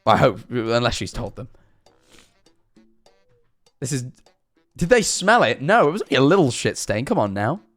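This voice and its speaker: A man's voice: medium pitch, very animated, normal speed, pauses often, fairly bright tone, no room sound, faint music behind. Rambling young man telling a story. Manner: rambling, self-deprecating, frequent restarts and "all right?". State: sore throat, coughing. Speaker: streamer. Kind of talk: casual storytelling to chat.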